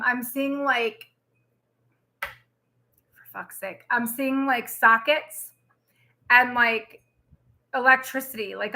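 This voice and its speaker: A young female tarot reader walks her viewers through a reading, rambling loosely with lots of fillers and quick bursts of feeling. Her bright voice sits a little high, and she comes across as chatty and emotional.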